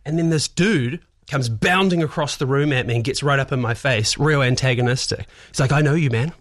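A man, chatting casually in an interview and telling animated anecdotes full of acted-out voices. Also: medium pitch, a little fast. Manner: animated storyteller, acts out voices, frequent restarts. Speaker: actor and show creator.

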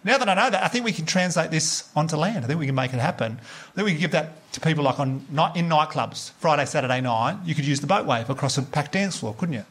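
A man's voice: a little high, animated, fast talker, a bit bright. An Australian man doing a live stand-up set, chatty and laughing as he teases the crowd. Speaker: stand-up comedian.

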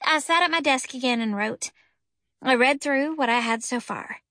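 A woman reads a first-person story aloud with lively, expressive storytelling. Her voice is high and bright. The recording is close and dry. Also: moderate pace, no echo. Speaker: audiobook narrator.

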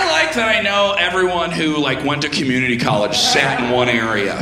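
A man doing stand-up comedy, loud and shouting his punchlines. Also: fairly high pitch, moderate pace, few pauses, very noisy. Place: comedy club stage. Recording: echoey club with loud crowd. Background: roaring audience laughter.

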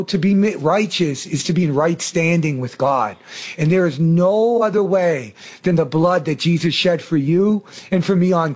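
A man hosting a faith talk, preaching fervently about salvation and healing. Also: fairly high pitch. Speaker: host.

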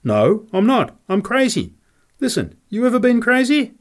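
A man's voice: extremely high pitch, huge pitch swings, normal speed, pitched above the performer's own voice, heavily acted. A man voicing a little former prize fighter who is odd and insistent, in a storybook reading. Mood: eager.

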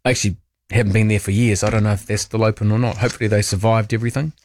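A man's voice: lowish voice, flat delivery, very fast, a little mellow, no echo. A man hosting talkback radio in a studio, reading out listener messages with wry, chatty asides. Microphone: studio microphone.

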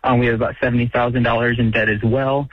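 Earnest young man calling in fast. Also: medium pitch, little pitch movement, dry recording. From Michigan, USA. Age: 20s. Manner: earnest, lays out his numbers. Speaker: caller. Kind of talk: call-in question. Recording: dull phone-line sound.

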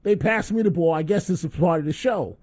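Host, male, fairly high voice, lively storyteller on radio. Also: brisk. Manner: animated storyteller.

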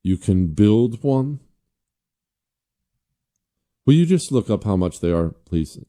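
Animated man hosting political commentary. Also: lowish voice, slow pace. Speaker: host.

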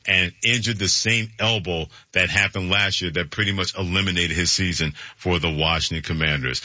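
Bright, husky sports radio host. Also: male voice, low-pitched, dry recording, lo-fi sound.

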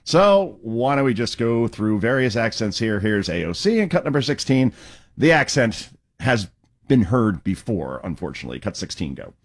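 A man's voice: on the low side, very animated, normal speed. A man hosting a talk show, giving sarcastic, mocking political commentary.

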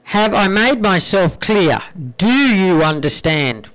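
A man voicing an arrogant, bullying male drug enforcement agent who shouts his authority. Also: high-pitched, animated, slow, exaggerated voice, low-quality recording. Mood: blustering.

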